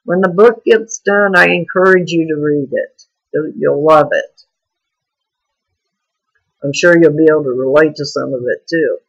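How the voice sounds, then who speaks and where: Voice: medium pitch, measured pace, creaky, husky, highs cut off. A vlogger talking in a frank, rambling, confessional way in a personal video diary.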